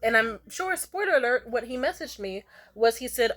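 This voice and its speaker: Animated young woman telling a story. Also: brisk, hardly any pauses. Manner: animated, swings into high squeaky voices for quotes, swears freely. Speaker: vlogger. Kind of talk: casual storytime chat.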